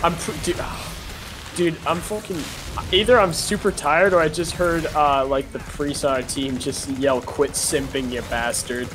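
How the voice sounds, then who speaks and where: A young man hosting gaming videos chats goofily while he plays, his fairly high voice steady and a little slow over background music. His casual banter is full of slang, and he laughs often.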